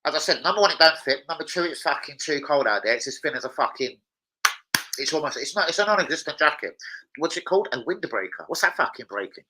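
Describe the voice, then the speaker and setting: Bright-voiced sweary man streaming. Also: a little high, animated, fast, low-quality recording. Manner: swearing, banter with chat. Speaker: livestreamer. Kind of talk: casual live-stream chat.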